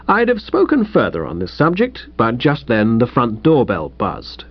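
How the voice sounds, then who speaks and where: A man narrating a comic first-person audiobook in a brisk, chatty way. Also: medium pitch, huge pitch swings, husky, dull audio.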